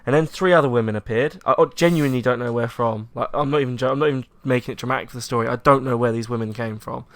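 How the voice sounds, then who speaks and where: A young English man in casual podcast chat, animated, acting out the people in his story. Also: mid-range voice, very fast. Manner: animated storyteller, acts out quotes, laughs often. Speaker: podcast co-host.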